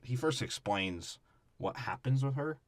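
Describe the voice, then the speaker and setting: A young man co-hosting a comedy podcast, recapping a movie with crude deadpan asides and hesitant ums. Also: mid-range voice, a little slow, no room sound. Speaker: podcast co-host.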